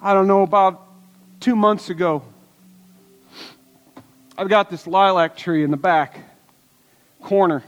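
High-voiced preacher in an echoing hall. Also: male voice, slow, long pauses, lo-fi sound. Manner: earnest, storytelling preacher with rhetorical questions. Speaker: pastor. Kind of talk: sermon. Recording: long hall reverb.

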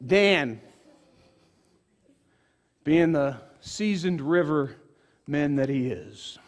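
Man, high voice, animated storytelling preacher. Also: very slow. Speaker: pastor. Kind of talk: sermon with storytelling.

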